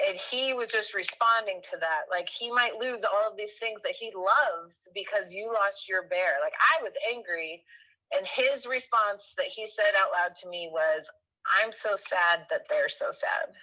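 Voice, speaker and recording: A woman in her thirties, a guest telling a personal story in a casual, animated way, rambling with fillers and correcting herself. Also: medium pitch, normal speed, low-quality recording.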